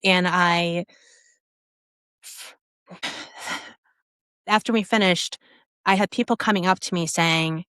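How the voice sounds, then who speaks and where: Animated storyteller woman, low voice. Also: slow pace, long pauses, clean tone, no room sound, clean studio sound. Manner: animated, acts out quoted voices and her own reactions; casual, with many restarts and "like". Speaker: podcast guest, app founder. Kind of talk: personal storytelling in a podcast interview.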